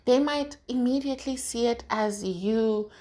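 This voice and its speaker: A woman's voice: on the high side, measured pace, dark tone. South african woman talking straight on her podcast, swears a lot, keeps going "right?". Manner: frank and profane, rhetorical "right?" tags. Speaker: podcast host. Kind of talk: casual motivational monologue.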